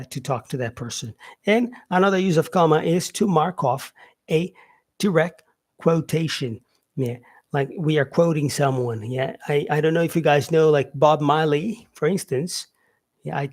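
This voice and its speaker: Male English teacher, slightly higher pitch, relaxed and repetitive explainer. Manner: repeats example sentences, frequent "yeah" and "um" fillers. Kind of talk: casual spoken lesson.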